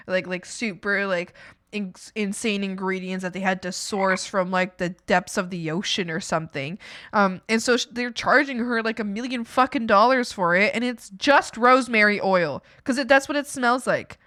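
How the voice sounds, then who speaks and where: A woman's voice: mid-range voice, a bit bright, dry recording, clean studio sound. A young woman from Canada chatting casually on a stream, rambling and swearing with many fillers. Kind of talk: casual chat.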